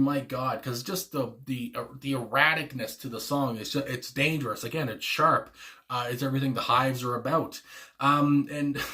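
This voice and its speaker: A man's voice: mid-range voice, fairly bright tone. A man hosting a music reaction channel, talking casually and enthusiastically about his favourite songs, rambling with many fillers and small laughs.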